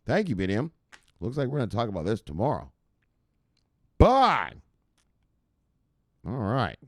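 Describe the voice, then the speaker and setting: A man hosting a casual crypto news livestream, joking and cursing as he gives animated shout-outs to viewers. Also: medium pitch, a little slow, no echo, clean studio sound.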